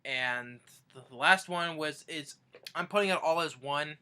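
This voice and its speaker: Young male fan vlogger, casual rambling retelling, slightly high bright voice. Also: a little slow, clean tone. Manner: rambling, restarts sentences often.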